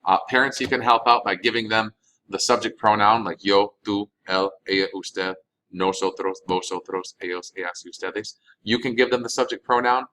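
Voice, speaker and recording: A man with a somewhat low voice teaches a recorded lesson. He reads each phrase slowly and then explains what it means, in a patient, steady classroom manner. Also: rough recording. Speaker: Spanish teacher.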